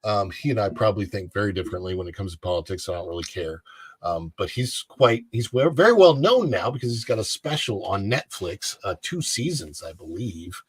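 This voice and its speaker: A man's voice: lowish voice, animated, a little fast, slightly rough, dry recording. Rambling man in casual chat. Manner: rambling, many fillers and restarts. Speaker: co-host.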